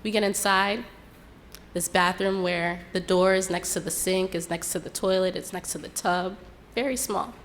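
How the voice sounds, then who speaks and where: Woman calmly recounting a personal story. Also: mid-range voice, a little hiss or hum. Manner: unhurried, reflective retelling with quoted dialogue.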